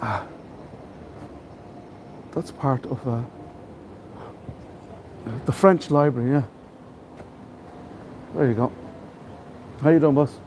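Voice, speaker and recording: A man's voice: mid-range voice, slow, long pauses, darkish tone. An Irish man leading a live walking tour through city streets, chatty and enthusiastic, heaping praise on the buildings he shows. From Ireland. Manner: enthusiastic, chatty, full of superlatives. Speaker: tour guide. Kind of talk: live walking tour with viewer shout-outs. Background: faint street and traffic noise.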